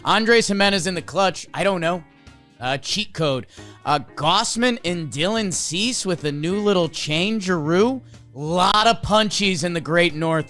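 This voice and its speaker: Excitable man recapping baseball with music. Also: high voice, measured pace. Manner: excitable, animated, lots of fillers. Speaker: podcast co-host. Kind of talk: energetic sports recap and ad read.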